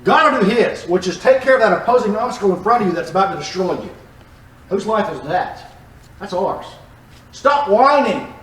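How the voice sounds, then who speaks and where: A man teaching a Bible lesson in a church, animated and joking as he explains the text. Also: sits high, a little fast. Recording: echoey room, distant mic.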